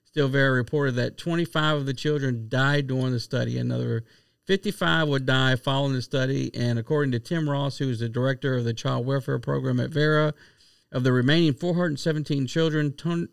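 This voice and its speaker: A man reading out a report and then arguing loudly in casual chat, swearing freely and pushing his point. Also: medium pitch, a little fast, creaky, clean tone, no room sound, studio quality. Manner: blunt, loud, argumentative, swears a lot.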